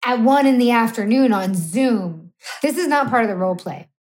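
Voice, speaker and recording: A woman's voice: on the high side, animated, normal speed, a little mellow. A woman, co-hosting a podcast and telling an explicit story in a blunt, self-mocking way. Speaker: podcast co-host. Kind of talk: candid comedic storytelling.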